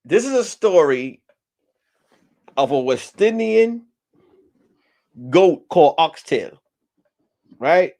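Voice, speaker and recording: A man's voice: a little high, sing-song, slow pace, long pauses, a little mellow. A man telling an improvised playful story at home, rambling with lots of repeats and fillers. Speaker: storyteller, video host.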